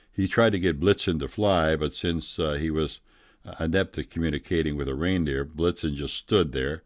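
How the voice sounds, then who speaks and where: Low-voiced male storyteller, deadpan mock-scientific delivery, dry close sound. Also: dry recording. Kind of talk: tall-tale reading.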